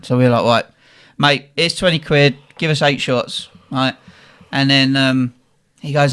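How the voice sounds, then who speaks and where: A young man, co-hosting a podcast and telling a lively, profane story about a night out. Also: mid-range voice, moderate pace, hardly any pauses, smooth. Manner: animated, swears freely, quotes people in the story. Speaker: podcast co-host. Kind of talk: casual storytelling.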